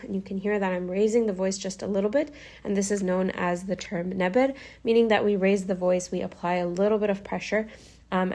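A woman teaching recitation rules at a patient, measured pace. She goes over each point more than once and breaks into short recited demonstrations. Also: medium pitch, darkish tone. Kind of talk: step-by-step explanatory lesson.

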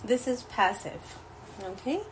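A woman's voice: a little high, slow pace, a little hiss or hum, low-quality recording. A woman teaching a Quranic Arabic lesson, patiently glossing each word one at a time.

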